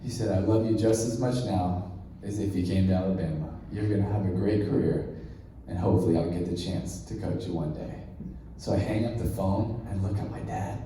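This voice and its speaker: A man in his thirties tells a story from a stage, acting out each side of the dialogue. His voice sits at an ordinary pitch and rings through a large, echoey hall. He is picked up from some distance, with noticeable room noise behind him. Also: fairly quick. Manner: animated storyteller who acts out dialogue. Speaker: keynote speaker. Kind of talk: motivational storytelling speech.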